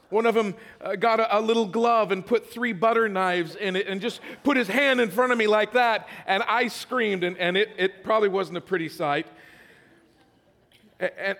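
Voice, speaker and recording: A man's voice: high-pitched, fairly bright tone. A middle-aged male pastor preaching a sermon, telling a story with self-deprecating humor and repeating words as he builds. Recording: hall reverb.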